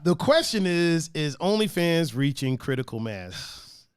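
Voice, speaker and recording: A man hosting a casual podcast chat, animated and laughing often, who repeats phrases for emphasis. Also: on the high side, a little slow, clean tone, no echo, studio quality. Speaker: podcast host.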